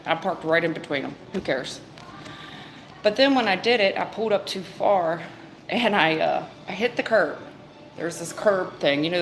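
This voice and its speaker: Woman tarot reader, low voice, casual rambling delivery, faint background noise. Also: fairly bright tone, rough recording. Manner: rambling, conversational, with fillers and restarts. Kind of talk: live-stream tarot reading and storytelling.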